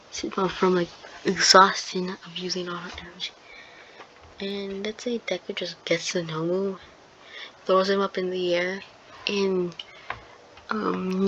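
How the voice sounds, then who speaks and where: A woman improvising a fan-fiction retelling, rambling with many ums, likes and restarts. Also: mid-range voice. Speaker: storyteller. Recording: dull lo-fi with loud noise.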